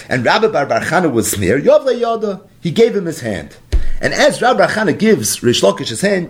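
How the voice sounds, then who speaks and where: A man giving a Torah lecture, an animated storyteller who acts out the dialogue. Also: medium pitch. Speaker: Torah teacher.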